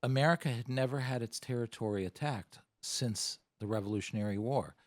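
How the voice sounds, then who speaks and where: Measured man explaining, dry sound. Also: mid-range voice, dry recording. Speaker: guest, former government advisor. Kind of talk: interview answers.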